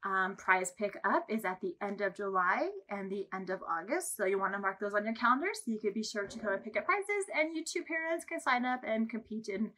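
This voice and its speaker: A young woman librarian reading a picture book aloud and leading baby rhymes, in a slow sing-song voice, counting along for babies. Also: mid-range voice, sharp tone. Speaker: children's librarian. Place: library storytime filmed for online video.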